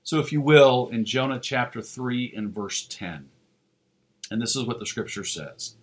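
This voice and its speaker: A man preaching a sermon as pastor, earnest, with "uh" fillers, slowing down for emphasis. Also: mid-range voice, expressive.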